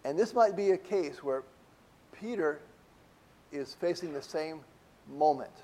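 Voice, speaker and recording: A man's voice: a little high, expressive, measured pace, warm tone. A middle-aged man preaching a conversational sermon to a congregation, asking rhetorical questions as he talks. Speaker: pastor.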